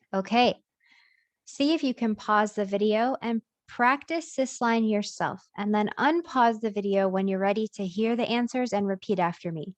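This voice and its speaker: A woman's voice: mid-range voice, normal speed, dry recording, highs cut off. A woman teaching a reading lesson, patiently sounding out letters and repeating each one for learners to follow. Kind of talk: slow step-by-step reading lesson.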